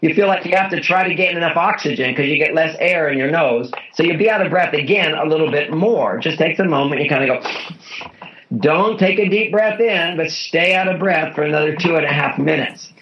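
A man's voice: on the high side, brisk, hardly any pauses. A man being interviewed as a guest author, explaining things in an earnest, instructive way and repeating his key points. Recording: dull lo-fi audio.

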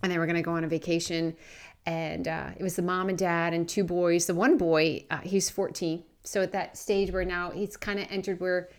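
A woman's voice: lowish voice, normal speed, clear, resonant tone. Earnest woman telling a faith story. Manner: earnest, animated storyteller acting out the people in her story. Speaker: podcast co-host. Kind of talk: faith podcast chat with storytelling.

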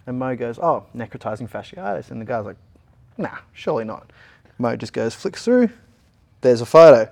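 A young Australian man at a middle pitch tells a personal story in a relaxed interview. He talks casually and brings the story to life by doing the voices of the people in it. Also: normal speed, gravelly. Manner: animated retelling, acting out other people's lines. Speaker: interview guest.

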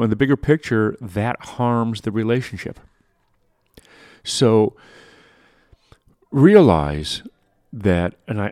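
A man with a fairly low voice talks through everyday advice as a podcast host, loose and conversational, often restarting a phrase and checking in with "right?". The sound is close and dry, with almost no room echo. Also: mellow. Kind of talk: casual advice talk.

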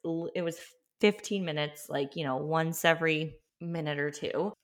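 Lower-voiced young mom sharing candidly. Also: female voice, fairly even intonation, normal speed. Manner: chatty, many filler words; emotional, openly honest. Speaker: podcast host. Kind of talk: candid personal storytelling.

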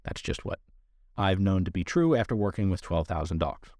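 A man's voice: low-pitched, lively intonation, moderate pace, a little mellow, dry recording, studio quality. A man who trains dogs, explaining training rules to listeners in an earnest, direct instructional way. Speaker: dog trainer. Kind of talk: instructional podcast talk.

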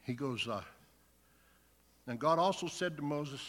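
A man's voice: fairly high pitch, expressive, unhurried, fairly bright tone. A man preaching a sermon, reading scripture aloud and then earnestly explaining it. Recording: long hall reverb.

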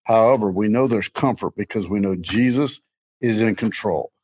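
A man's voice: on the low side, normal speed, a little mellow, husky, rough recording. A middle-aged man co-hosting a casual faith podcast, rambling and joking, laughing often. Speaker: co-host.

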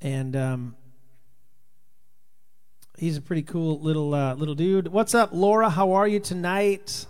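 A man from Rhode Island with a somewhat high voice hosts a relaxed livestream and chats to viewers one by one. His voice sounds tired and worn from long touring. He rambles loosely and reads comments as they come in. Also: measured pace, long pauses, clean tone. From Rhode Island, USA. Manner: chatty, greets viewers by name, loose and rambling. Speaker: livestream host and touring Christian musician. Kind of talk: casual live chat reading viewer comments.

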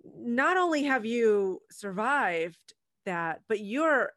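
A woman's voice: a little high, big pitch swings, slow pace, a bit bright, no room sound. Woman host, dry close sound. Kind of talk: interview chat.

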